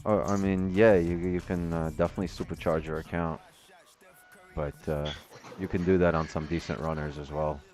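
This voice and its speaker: A man's voice: deep voice, fairly even intonation, normal speed, a little mellow, soft background music. A man hosting a live trading stream, chatting casually and joking with guests. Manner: laid-back, joking, laughs often. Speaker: stream host, forex trader.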